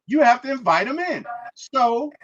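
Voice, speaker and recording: A man hosting a casual movie review, retelling scenes in an animated way and acting out the characters' lines. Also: very high-pitched, moderate pace, muffled recording, slight background noise. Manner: animated storyteller, acts out quotes, frequent "right?".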